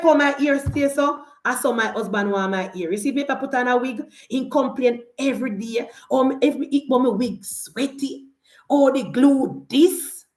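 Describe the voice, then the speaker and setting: A woman's voice: sits high, reverberant. A woman in her thirties with a Jamaican accent, giving a heated political rant and slipping between patois and standard English. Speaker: political commentator.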